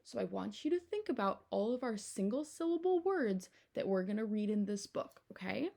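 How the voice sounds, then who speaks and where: Lively, creaky-voiced woman teacher. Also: mid-range voice, moderate pace. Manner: animated storytime delivery with questions to children. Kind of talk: reading a picture book aloud to a class.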